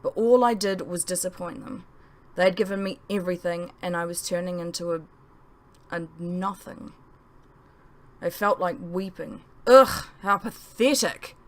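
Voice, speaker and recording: A woman author narrating her novel in the first person, expressive and story-driven. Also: lowish voice, normal speed. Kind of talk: audiobook narration.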